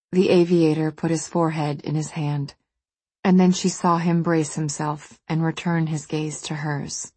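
A woman narrating a novel in a calm, measured way. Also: sits low, husky, no echo. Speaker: audiobook narrator. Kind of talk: scripted narration.

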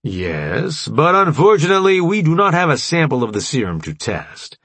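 A commanding middle-aged general, formal and measured, his voice raised a bit and gravelly, as a male narrator puts him on. Dry, close recording. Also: a little high, huge pitch swings, a bit bright, no room sound, voice pushed up, exaggerated voice.

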